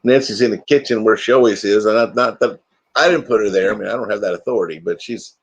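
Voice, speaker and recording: A man's voice: lowish voice, fast talker, breathy edge, muffled recording. A man hosting a casual live stream, chatting loosely and answering viewer comments while still a bit groggy from waking up. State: groggy, freshly woken.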